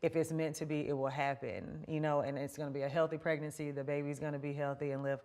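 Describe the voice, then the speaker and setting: A woman's voice: low-pitched, flat delivery, fast, darkish tone. A woman in a casual faith conversation, chatty and confiding, telling personal stories with quoted asides.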